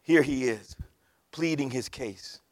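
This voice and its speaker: A man preaching a fervent sermon to his congregation, often swelling to shouts. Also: medium pitch, takes it slowly. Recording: long hall reverb.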